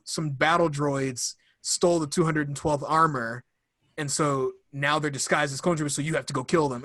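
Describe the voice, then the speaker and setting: A young man gushes in a casual podcast chat, rambling along and acting out little quotes. His voice sits a bit high for a man. The sound is close and dry with no room behind it. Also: fairly bright tone, no room sound. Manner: enthusiastic, rambling, acts out quotes. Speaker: podcast co-host.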